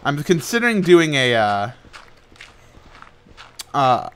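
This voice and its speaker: A young man talks casually over his own gameplay at a desk mic, in a middling voice with no strong traits. He rambles, laughs often and lets his lines trail off softly. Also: mid-range voice. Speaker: gaming channel host. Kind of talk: casual Minecraft commentary.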